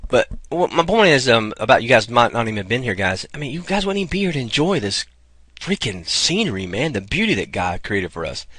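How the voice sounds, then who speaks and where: Chatty man, animated vlog. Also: mid-range voice, fairly quick, husky, no room sound. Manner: chatty, keeps saying "guys" and "man". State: getting over a cold, coughs. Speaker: vlogger promoting an online income program. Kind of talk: rambling casual vlog talk. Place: outdoors.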